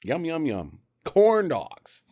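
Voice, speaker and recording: A man's voice: on the high side, huge pitch swings, takes it slowly, warm tone. A man co-hosting a podcast, recapping a film in casual chat, joking and laughing often. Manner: jokey, laughs often, acts out quotes. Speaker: podcast co-host.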